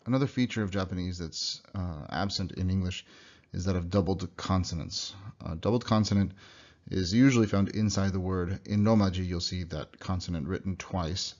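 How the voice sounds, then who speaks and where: A young man giving a recorded slide lesson, explaining sounds and repeating example words slowly. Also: low-pitched, a little mellow. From United States. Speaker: language teacher. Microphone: computer mic. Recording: dull lo-fi computer recording.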